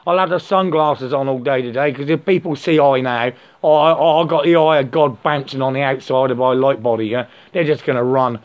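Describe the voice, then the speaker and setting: Stammering man with a dull lo-fi sound. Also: mid-range voice. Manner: stammering, repeats words, breaks into slow sung nonsense syllables. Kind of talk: rambling spiritual monologue with chanted glossolalia. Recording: slightly dull lo-fi recording.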